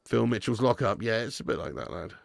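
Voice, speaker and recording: In a lowish, creaky voice with lively intonation, a man speaks fairly quickly while hosting a live football watch-along. He's in his home garage, a storage room, swearing freely, chatting casually, and reading viewers' messages between commentary. The sound is dry and studio quality.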